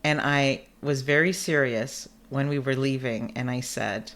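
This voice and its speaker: A woman's voice: very deep voice, steady tone, measured pace, a bit bright. A woman hosting a video-call interview, chatty and effusive, who laughs easily. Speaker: podcast host. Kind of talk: casual interview.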